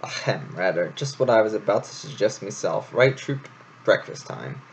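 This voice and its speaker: A man's voice: lowish voice, expressive, normal speed, gravelly, slight background noise. Man doing a pompous blustering hare. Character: pompous blustering male hare, circus leader. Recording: dull lo-fi home recording.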